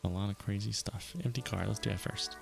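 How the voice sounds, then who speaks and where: A man streaming a video game, reading its narration aloud and reacting with quick casual asides. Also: lowish voice, steady tone, gravelly. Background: game music.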